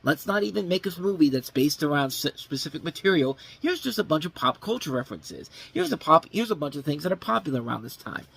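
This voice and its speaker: A man's voice: fairly high pitch, lively intonation, fast, vocal fry, hardly any pauses, fairly bright tone, slightly rough. A man hosting a film review show, talking casually in a blunt, sarcastic way, swearing freely and rambling with frequent self-corrections. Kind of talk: casual unscripted movie review.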